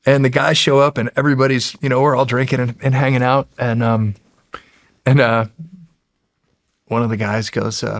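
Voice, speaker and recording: A middle-aged man from the United States, a former Navy SEAL, telling stories as a podcast guest in a loose, animated way with many fillers and restarts. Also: mid-range voice, normal speed, long pauses, no echo, studio quality. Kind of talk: casual storytelling.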